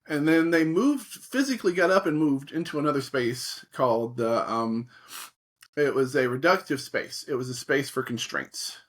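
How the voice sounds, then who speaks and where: Middle-aged male guest, mid-pitched, lively storyteller who voices quoted reactions. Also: normal speed. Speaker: guest, creativity facilitator. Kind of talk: conversational interview.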